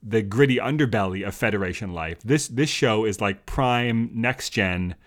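Rambling low-voiced man talking shows. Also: moderate pace. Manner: rambling, restarts and asks the other host questions. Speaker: podcast co-host. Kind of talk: casual discussion of a TV episode.

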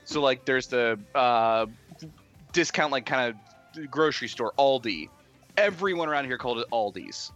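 A man's voice: mid-range voice, animated, moderate pace, fairly bright tone, muffled recording, faint music behind. A man from Western Pennsylvania with a local accent, co-hosting a casual chat and explaining regional speech habits. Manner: storytelling, explaining, chuckling. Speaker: podcast co-host.

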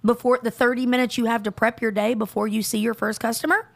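A middle-aged woman co-hosting a podcast, ranting in animated casual chat and laughing often. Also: on the high side, fast talker, creaky. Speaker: podcast co-host.

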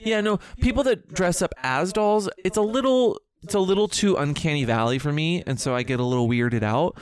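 A man co-hosting a podcast in casual chat, teasing and joking with his co-host. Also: fairly high pitch. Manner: teasing, playful, quick with jokes.

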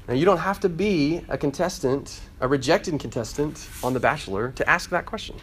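A man's voice: fairly high pitch, lively intonation, fairly quick, hardly any pauses, husky. A man in his thirties preaching a conversational sermon to a student group, often repeating phrases. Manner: conversational, repeats himself, acts out quoted voices. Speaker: campus ministry preacher.

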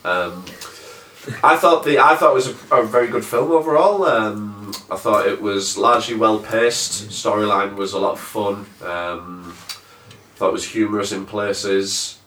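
A man's voice: on the low side, measured pace, fairly bright tone, recorded from a distance, a little hiss or hum. A man hosting a casual film review, rambling with lots of fillers and restarts, recorded in an echoey room some way from the mic. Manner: rambling, hesitant with many fillers. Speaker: podcast host reviewing a film.

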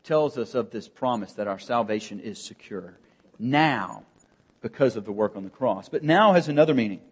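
A man preaching a sermon as pastor, earnest and emphatic, with pauses and rising emphasis. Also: medium pitch, lively intonation, slightly rough.

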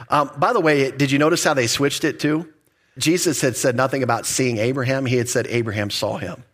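A man's voice: mid-range voice, a little fast, a bit bright. Man preaching an expository sermon. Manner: conversational, emphatic, laughs lightly. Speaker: pastor.

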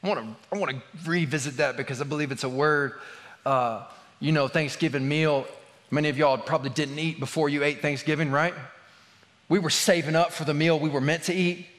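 A man's voice: fairly high pitch, fairly even intonation, a little fast, a bit bright, in a large hall. A man preaching a sermon as a pastor, telling a funny story with lots of laughter and filler words. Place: church.

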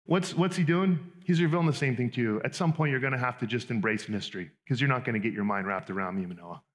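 A man preaching a sermon in a conversational, animated way with quick asides. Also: medium pitch. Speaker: pastor.

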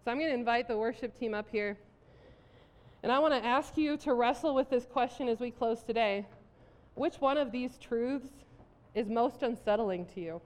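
A woman pastor preaching a sermon, telling a story about herself in an animated way and laughing at herself. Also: on the high side, moderate pace, long reverb tail. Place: church sanctuary.

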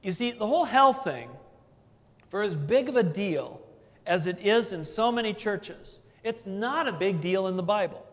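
High-voiced pastor in a reverberant church. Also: male voice, expressive, normal speed. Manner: conversational storytelling with asides. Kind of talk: sermon.

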